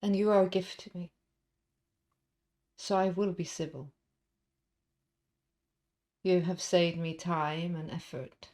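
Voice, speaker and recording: Give me a measured male boss, played by a woman. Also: fairly low pitch, steady tone, darkish tone. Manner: slow, measured and formal. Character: composed male crime boss, civil but cold.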